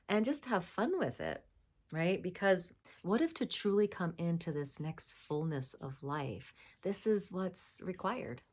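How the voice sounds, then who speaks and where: A woman speaking as a spiritual voice coach, gentle and affirming, sometimes dropping into a soft whisper. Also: low voice, lively intonation, moderate pace. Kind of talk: spiritual self-help talk.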